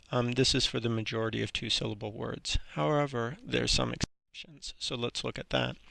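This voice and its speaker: A man teaching an English grammar lesson in a relaxed, halting way, with frequent ums and restarts. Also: mid-range voice, creaky, dry recording.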